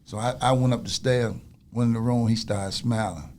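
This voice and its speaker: A man's voice: mid-range voice, steady tone, moderate pace, a little mellow, a little hiss or hum. A middle-aged man in casual conversation, retelling a story in a laid-back way with quoted dialogue.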